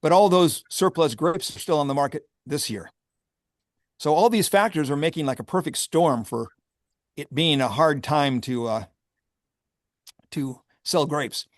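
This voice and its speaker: A man's voice: fairly high pitch, a little slow, long pauses, no room sound, studio quality. A man who owns a vineyard, talking candidly and with wry humor in a casual interview, often laughing. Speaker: vineyard owner and grape grower.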